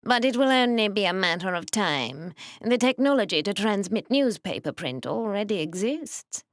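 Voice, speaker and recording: A woman's voice: mid-range voice, very animated, moderate pace, no room sound, clean studio sound, pitched above the performer's own voice. A woman voicing a dull, fussy male post office clerk with a whining, nasal voice. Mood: helpful.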